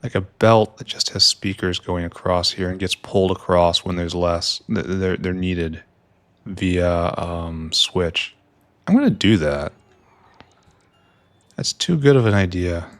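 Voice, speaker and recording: A man's voice: low-pitched, a little slow, no room sound. A man giving rambling, wry commentary while playing a video game, often talking to himself and trailing off into mutters. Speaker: gameplay streamer. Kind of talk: casual let's-play commentary.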